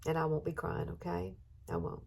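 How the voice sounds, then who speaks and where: Her husky, low-sitting voice is very animated, with vocal fry, moving at normal speed. A woman in her fifties with an Alabama accent, she chats through her makeup in a get-ready-with-me beauty vlog, warm-hearted and emotional, occasionally close to crying.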